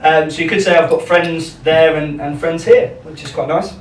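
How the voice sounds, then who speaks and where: A man's voice: a little high, fairly even intonation, normal speed. A young man doing a live stand-up set in a small pub comedy club, chatty and self-deprecating, rambling with lots of ums. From England. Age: young adult. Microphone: handheld stage microphone. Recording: roomy club sound, distant mic, audience noise.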